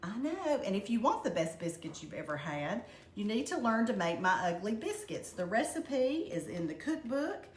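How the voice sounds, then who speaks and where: This home cook, an older woman with a Southern American accent, is very animated as she talks folksily through a cooking demo, speaking at a normal speed in a mid-range voice. She's chatty and addresses her audience as "y'all," and the recording carries kitchen echo and background noise.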